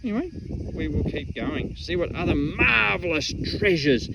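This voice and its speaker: An Australian man excitedly showing off metal detecting finds at an old rubbish dump, in a casual outdoor vlog full of slang. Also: on the high side, moderate pace, creaky, very noisy.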